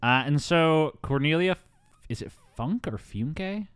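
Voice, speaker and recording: A man's voice: fairly high pitch, normal speed, fairly bright tone, smooth, dry recording. A man hosting a casual movie podcast, chatty with frequent ums and asides. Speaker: podcast host.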